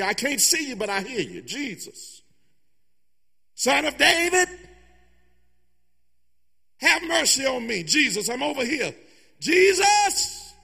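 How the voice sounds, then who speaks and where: A man playing a desperate blind beggar yelling high. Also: slightly rough, long reverb tail, heavily acted. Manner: yelling, pleading, high-pitched. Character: desperate blind male beggar crying out loud.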